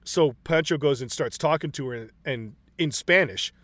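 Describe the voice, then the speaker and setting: A man with a slightly high voice casually recounts movie scenes, full of swearing, and jumps into the characters' lines. The sound is close and dry, with no room echo. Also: normal speed. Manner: profane, animated retelling of scenes, acts out lines.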